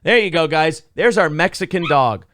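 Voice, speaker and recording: A male host of a live-streamed talk show chats sarcastically and profanely while reading out donations, breaking into loud outbursts. His voice is fairly high-pitched and animated at a moderate pace, with a little hiss or hum in the background.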